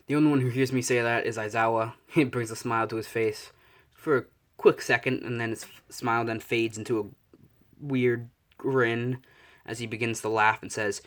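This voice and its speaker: A young man improvising a fan story out loud, rambling and correcting himself, swearing casually. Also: medium pitch, flat delivery, normal speed.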